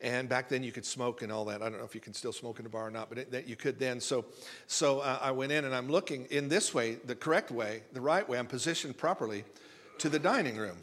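A male pastor preaches in a folksy, storytelling way, circling back and repeating words as he builds a point. His voice sits at an ordinary middle pitch. It carries the long reverb of a church sanctuary. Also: quick pace, a bit bright. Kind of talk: conversational sermon with storytelling. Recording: reverberant hall sound.

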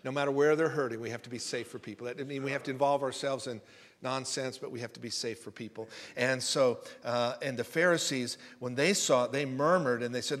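A male pastor preaches in a folksy, storytelling way, circling back and repeating words as he builds a point. His voice sits at an ordinary middle pitch. It carries the long reverb of a church sanctuary. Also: steady tone, brisk, fairly bright tone. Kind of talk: conversational sermon with storytelling. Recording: reverberant hall sound.

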